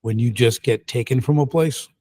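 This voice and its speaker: A middle-aged man, a podcast guest, telling his story in a casual, lively and emphatic way. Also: mid-range voice, normal speed. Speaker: guest entrepreneur.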